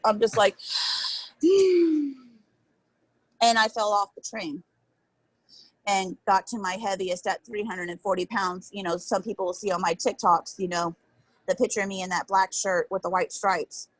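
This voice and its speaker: A woman's voice: mid-range voice, dry recording, rough recording. A woman in her thirties, an interview guest telling a candid personal story in an earnest, emotional, rambling way.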